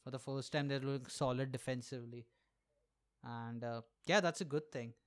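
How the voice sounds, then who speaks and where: A man's voice: medium pitch, steady tone, moderate pace. A man hosting a solo podcast, rambling profanely with lots of fillers. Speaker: podcast host. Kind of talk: casual solo podcast rant.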